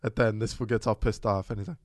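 A man on a casual podcast, telling a family story in lively, profane, slangy talk and acting out his kids' lines. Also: lowish voice, quick pace, dry recording, studio quality. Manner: animated storyteller, swears a lot, acts out his kids' voices. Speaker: podcast co-host. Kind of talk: casual chat.

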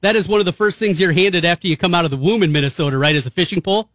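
Nasal guy hosting sports radio, pretty high voice, dry close studio sound, jokey. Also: rapid-fire, a bit bright, no echo. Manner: upbeat, joking banter with guests. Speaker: radio sports show host.

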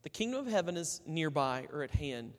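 A man's voice: fairly high pitch, very animated, brisk, long reverb tail. A man preaching a sermon in a conversational way, telling stories and acting out the people in them. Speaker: pastor.

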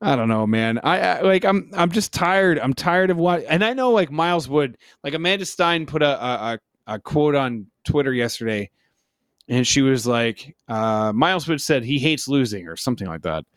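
A man's voice: mid-range voice, expressive, moderate pace, clean tone, no echo, clean studio sound. A man co-hosting a casual hockey podcast, exasperated and sarcastic as he vents about his team. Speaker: podcast co-host. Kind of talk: casual hockey fan chat.

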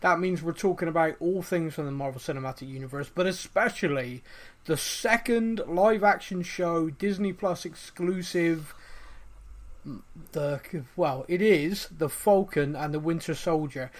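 A man's voice: fairly high pitch, measured pace. A man hosting a casual podcast, joking around and stumbling over his words. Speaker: podcast host. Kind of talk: casual chat.

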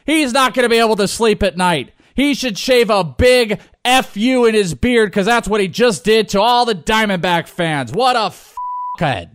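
A man's voice: high-pitched, expressive, moderate pace, no echo, clean studio sound, pitched above the performer's own voice. A man doing an impression of an over-the-top sports announcer calling a baseball game, swearing and outraged. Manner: shouting, crude, exaggerated outrage.

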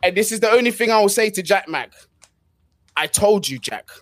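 A young podcast co-host needles his friend about football, argumentative and teasing. His voice is high and lively, recorded dry and close. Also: a little fast, no room sound. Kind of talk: heated football banter.

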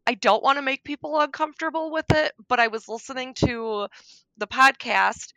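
A middle-aged woman on a podcast, talking candidly about grief, frank and darkly joking, sometimes soft-spoken. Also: high voice, fairly even intonation, normal speed, no echo, muffled recording. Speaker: podcast guest.

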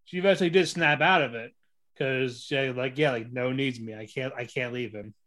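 A man casually recapping an anime episode, excitable, acting out the characters' lines and laughing often. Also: medium pitch, moderate pace. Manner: excitable storytelling, acts out quotes, laughs often. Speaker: podcast co-host reviewing an anime. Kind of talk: casual chat.

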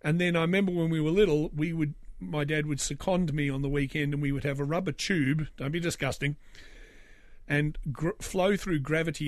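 In a clean studio recording with no echo, an Australian man in his 40s casually shares a personal story in a fairly high voice. He meanders with fillers and false starts, dropping wry comments along the way.

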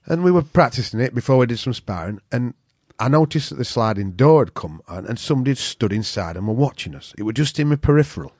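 A man's voice: mid-range voice, fast, few pauses, no room sound, studio quality. Blunt, swearing Yorkshire man telling stories. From England. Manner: profane, blunt, animated storyteller. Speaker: guest. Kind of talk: casual storytelling chat.

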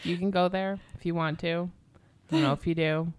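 A woman's voice: on the low side, steady tone, brisk, clear, resonant tone. A woman co-hosting a podcast, telling a ghost story in loose, chatty talk with swearing and giggly asides.

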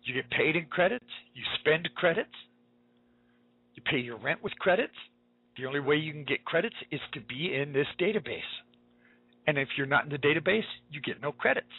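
Male talk radio host, husky, on the higher side, preaching with urgent emphasis; dry, phone-band audio. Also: expressive, moderate pace, no room sound. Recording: tinny phone-like line.

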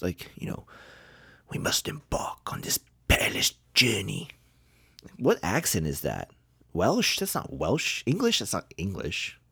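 A man's voice: very deep voice, dry recording, studio quality. A man hosting a podcast, giving blunt, profane, rambling movie reviews with lots of fillers. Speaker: podcast host. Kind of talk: casual movie review ranking.

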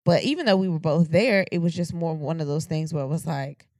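A woman's voice: deep voice, a little mellow, dry recording, studio quality. A woman co-hosting a podcast, talking frankly and with plenty of swearing, often restarting her sentences in casual chat. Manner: frank, profane, halting restarts. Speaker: podcast co-host.

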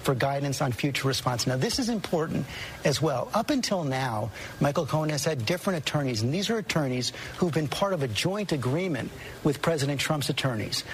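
A man reporting as a TV news anchor, measured and emphatic as he recounts an interview. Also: a little high, lively intonation, a little hiss or hum.

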